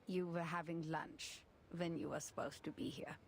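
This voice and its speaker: An actress playing a stern, cold female inspector in a game cutscene, curt and deadpan. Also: on the low side, normal speed, slight background noise, natural voice.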